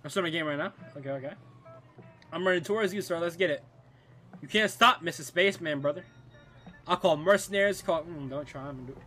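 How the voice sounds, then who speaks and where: A young man streaming gameplay live, trash-talking opponents excitably and calling everyone bro and dude. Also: fairly high pitch, fast, pauses often, faint music behind. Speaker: gaming streamer.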